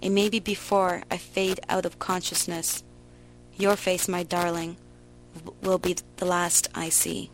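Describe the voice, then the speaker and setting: A woman giving a slow, emotional, theatrical reading of a first-person story. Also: fairly low pitch, level tone, slight background noise, poor audio. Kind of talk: dramatic literary reading.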